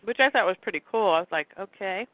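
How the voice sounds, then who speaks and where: A woman co-hosting a casual chat, reading comic book dialogue aloud in an animated way and acting out the lines. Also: medium pitch, racing, no room sound. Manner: animated, acts out lines in voices. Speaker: podcast co-host. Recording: tinny phone-like, dry sound.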